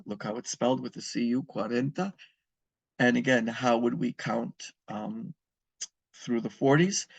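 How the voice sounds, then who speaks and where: Gravelly-voiced man teaching a lesson. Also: mid-range voice, no room sound, dull audio. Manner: patient, repeats and spells words out for learners. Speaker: Spanish teacher. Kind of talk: recorded classroom lesson.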